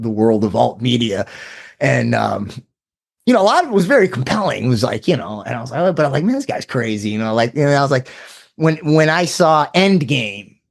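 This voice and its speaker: A man talking as an interview guest in loose casual conversation, rambling with many restarts and fillers and breaking into animated asides. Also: medium pitch, vocal fry.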